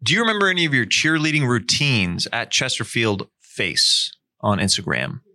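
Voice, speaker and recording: A man's voice: mid-range voice, animated, normal speed, pushed and bright, no echo. A man hosting a casual chat, playful and joking with his guest. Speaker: host.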